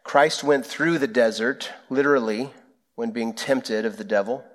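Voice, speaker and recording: A pastor preaching a sermon, speaking in an earnest, prayerful way with slow, deliberate phrasing. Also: male voice, medium pitch.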